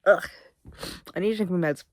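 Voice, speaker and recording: A woman's voice: on the low side, a little fast, no room sound, studio quality. A sleepy, sniffly young woman vlogging in casual, rambling chat, swearing freely. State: sleepy, yawning; sniffly, congested.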